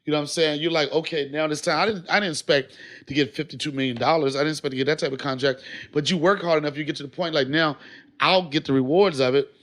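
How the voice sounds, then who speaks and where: A man telling stories in a casual podcast chat, animated and swearing freely. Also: fairly high pitch, fast. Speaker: podcast guest, former TV sketch actor.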